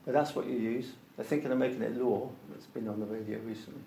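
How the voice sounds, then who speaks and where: A man's voice: mid-range voice, fairly even intonation, quick pace, mellow, a little hiss or hum. Emphatic man in a roomy space. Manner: emphatic, repeats key points for stress. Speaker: interviewee, organic soil product promoter. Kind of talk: anecdotal storytelling in conversation.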